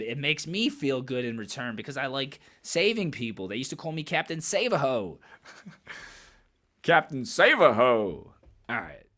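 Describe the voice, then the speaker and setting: A man with a medium-pitched, slightly bright voice delivers blunt, emphatic commentary in a casual vlog. He swears freely and repeats phrases as he builds his point.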